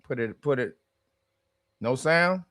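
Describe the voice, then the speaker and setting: A man's voice: medium pitch, lively intonation, slow, sharp tone, dry recording, studio quality. A man hosting a casual livestream with a strained voice, chatting in loose, profane banter and laughing often. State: strained voice from screaming. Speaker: livestream host.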